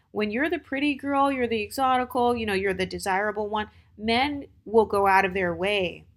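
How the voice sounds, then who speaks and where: Woman, American accent, channel host, blunt, opinionated, casual monologue, mid pitch. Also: fairly bright tone. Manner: blunt, opinionated, conversational with many fillers.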